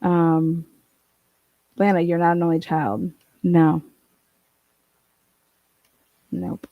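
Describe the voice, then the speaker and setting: Lowish-voiced woman rambling on her livestream, reads chat, swears a lot, dry close sound. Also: steady tone, very slow, dry recording, narrow, tinny audio. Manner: chatty, swearing, laughing often. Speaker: livestream host reading chat.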